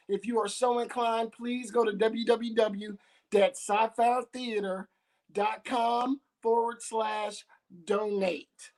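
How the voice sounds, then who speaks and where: A woman's voice: fairly high pitch, a little mellow. A woman hosting a live open mic night, chatty and playfully teasing the audience.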